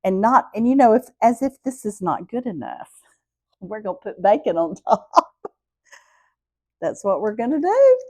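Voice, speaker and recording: A middle-aged woman with a Southern US accent talks viewers through a home-cooked meal in a friendly, folksy way. Her voice sits at a medium pitch and is recorded dry, with little room sound. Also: very animated, normal speed, long pauses, a little mellow, dry recording. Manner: homey, chatty, addresses viewers as y'all. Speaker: cooking show host. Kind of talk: casual cooking vlog.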